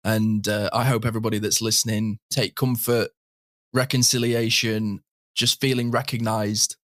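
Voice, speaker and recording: A man, co-hosting a podcast, speaking in a calm, reflective way. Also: lowish voice, moderate pace, dry recording, clean studio sound. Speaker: podcast co-host. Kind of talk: casual podcast conversation and outro.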